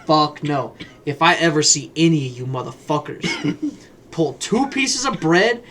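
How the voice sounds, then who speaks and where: A man's voice: fairly high pitch, very animated, measured pace, fairly bright tone, a little hiss or hum. A man co-hosting a podcast, chatting casually and ranting bluntly with plenty of swearing. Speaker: podcast co-host. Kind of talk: casual chat.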